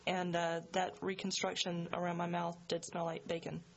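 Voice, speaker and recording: A man's voice: sits high, monotone, normal speed, gravelly, dull audio, noisy background. A man on a call-in radio show, tossing in dry, offhand remarks. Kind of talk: casual talk radio banter.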